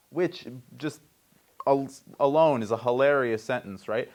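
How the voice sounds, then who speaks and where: A man's voice: mid-range voice, moderate pace. Wry young man hosting comedic sports news. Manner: wry, joking asides. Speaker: sports report host.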